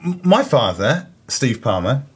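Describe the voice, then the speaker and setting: A man's voice: mid-range voice, big pitch swings, unhurried, slightly rough. Rambling man. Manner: rambling, self-interrupting, laughing storyteller. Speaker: podcast co-host. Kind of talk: casual comedic chat.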